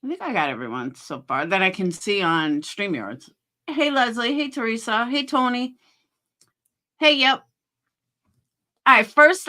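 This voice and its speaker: A woman's voice: on the high side, sharp tone. A middle-aged woman hosting a livestream at home, talking in a frank, chatty way and swearing freely. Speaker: livestream host. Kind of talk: casual livestream chat.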